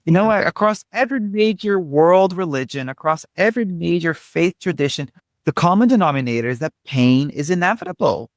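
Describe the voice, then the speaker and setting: A man's voice: a little high, expressive, brisk, no room sound, clean studio sound. A man speaking as a spiritual teacher in an interview, reflective and searching for words, then emphatic. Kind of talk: conversational interview.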